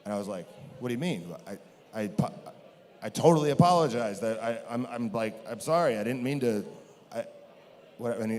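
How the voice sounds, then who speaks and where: A man's voice: on the low side, darkish tone. A man telling a story from his career in a rambling, self-mocking way, with many restarts. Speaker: guest. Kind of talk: storytelling on a podcast. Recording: long hall reverb.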